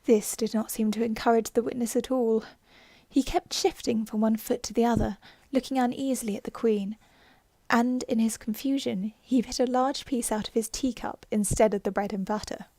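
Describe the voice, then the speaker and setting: A woman narrating a storybook audiobook in a gentle, hushed ASMR reading style. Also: fairly high pitch, fairly even intonation, normal speed, dry recording.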